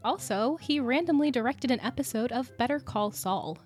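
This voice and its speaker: A woman's voice: on the high side, normal speed, faint music behind. Chatty woman podcast host explaining. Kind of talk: casual podcast chat.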